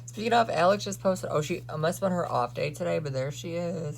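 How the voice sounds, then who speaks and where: A man's voice: on the high side, brisk, creaky, noisy background. A young man venting to camera in a sassy, profane, ranting way, as a vlogger. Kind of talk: casual rant to camera.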